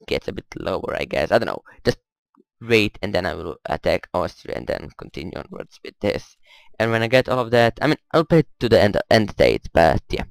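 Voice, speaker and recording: Male gameplay commentator, low and gravelly, rambling casual delivery, dry close mic. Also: no echo, poor audio. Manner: rambling, muttering, swears at the game. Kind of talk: casual let's-play commentary.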